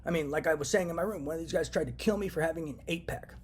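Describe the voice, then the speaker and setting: A man's voice: on the high side, rapid-fire, slight background noise. A young man delivering an agitated, profane solo rant to camera from home, circling back to the same points again and again. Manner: agitated, profane, repetitive ranting. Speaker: vlogger. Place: indoors, at home.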